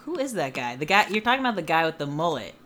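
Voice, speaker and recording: A man's voice: a little high, sing-song, quick pace, pushed and bright, a little hiss or hum. A man co-hosting a podcast in casual chat, sarcastic and laughing, with lots of "like". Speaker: podcast co-host.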